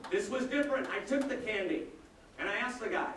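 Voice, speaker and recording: Animated male keynote speaker, high pitch, echoey distant room recording. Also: quick pace. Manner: animated, humorous storyteller. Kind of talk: storytelling customer service speech. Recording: echoey room, distant mic, faint noise.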